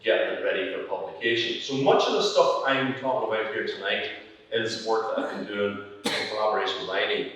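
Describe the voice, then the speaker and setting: A Northern Irish man in his sixties giving a public lecture as an archaeologist, measured and hesitant with frequent fillers. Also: fairly low pitch, a bit bright. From County Antrim, Northern Ireland. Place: public hall. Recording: echoey hall, distant mic.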